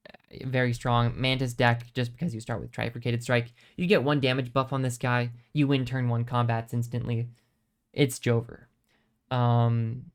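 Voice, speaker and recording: A man streaming a video game, chatting casually and thinking aloud, with many ums and restarts as he rambles. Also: mid-range voice. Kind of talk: casual gameplay commentary.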